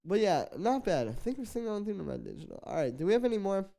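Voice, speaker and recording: A man's voice: sits high, sing-song, quick pace, vocal fry, mellow. A young man who produces music, giving loose, filler-heavy feedback on tracks in a casual live stream. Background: faint music from played tracks.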